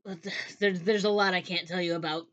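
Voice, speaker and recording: A woman's voice: fairly low pitch, fairly even intonation, brisk, dull audio. A woman who reviews books, chatting in a rambling, casual way and acting out characters' dialogue. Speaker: book reviewer. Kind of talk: casual book review chat.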